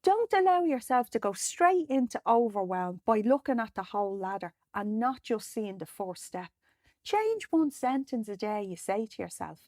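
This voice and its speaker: A woman's voice: on the high side, big pitch swings, normal speed, a little mellow, dry recording, studio quality. A middle-aged woman hosting a podcast, giving motivational self-help talk and coaching her listeners directly in an encouraging way. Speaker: podcast host.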